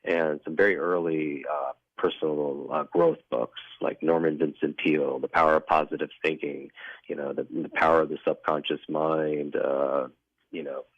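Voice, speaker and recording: A man with an extremely deep, low voice tells a personal story as an interview guest. He is earnest and reflective, often pausing and restarting his sentences. The recording is dry and a bit dull, like a lo-fi broadcast. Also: flat delivery, no echo.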